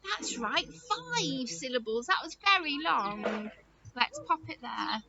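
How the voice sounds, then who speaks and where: A woman teacher leads a phonics lesson for small children in a high, bouncy voice that swoops up and down. She speaks slowly and draws out her words in a sing-song, encouraging way. The recording is dull and lo-fi, with clear background noise. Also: pushed and bright.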